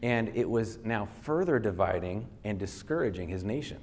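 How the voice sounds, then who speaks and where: A man's voice: lowish voice, animated, moderate pace, a little mellow, a little hiss or hum. A male pastor giving a sermon, retelling a scripture story in casual everyday words and reading verses aloud.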